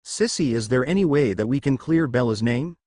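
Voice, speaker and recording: A man's voice: mid-range voice, animated, a little fast, darkish tone, no room sound, studio quality, close to an everyday voice. A man voicing Harry, an earnest, worried teenage wizard, in a storybook reading. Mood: pleading. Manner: earnest, a little desperate.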